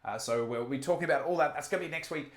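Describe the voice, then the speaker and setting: A man's voice: fairly high pitch, racing, roomy sound. A man with an Australian accent hosting a live stream, chatting casually with many fillers and restarts and reading out chat comments. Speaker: livestream host.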